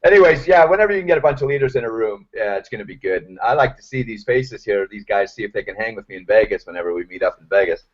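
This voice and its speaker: A man's voice: lowish voice, expressive. A man with a Canadian accent chatting jokily on a group call. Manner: jokey, brisk. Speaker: panel member. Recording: dull lo-fi call audio.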